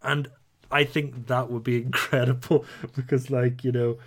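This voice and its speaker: A young man with a Northern Irish accent, co-hosting a podcast in a chatty, animated way. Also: medium pitch, moderate pace. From Northern Ireland. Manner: chatty, animated storytelling with playful put-on voices. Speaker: podcast co-host. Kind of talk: casual chat.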